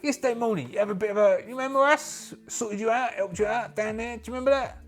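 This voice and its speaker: A man's voice: very high voice, fast, soft background music, pitched above the performer's own voice. A man voicing a pushy, streetwise male soldier who needles and leans on people in a blunt, slangy way. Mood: needling.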